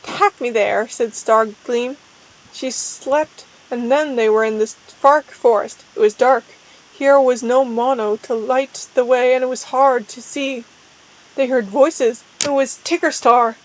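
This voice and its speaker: A young woman streamer doing a mock-dramatic reading of a fan story, reading deliberately and stumbling over misspelled words. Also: sits high, steady tone, poor audio.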